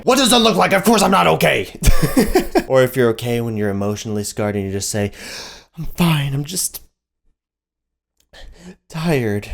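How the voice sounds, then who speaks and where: A young man hosting a comedy video, reading out viewer comments and reacting with sarcastic, animated commentary. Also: mid-range voice. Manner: animated, sarcastic, jumps into mocking voices. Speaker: YouTube host reading comments.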